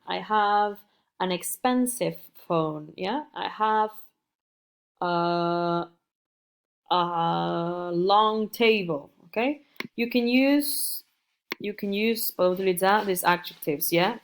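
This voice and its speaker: A female teacher walks through English vocabulary at an unhurried, deliberate pace. Her voice sits a little low for a woman, and she says key words twice so that students can follow. The delivery is patient and plainly instructive. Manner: repeats words slowly and carefully for learners. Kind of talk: recorded online English lesson.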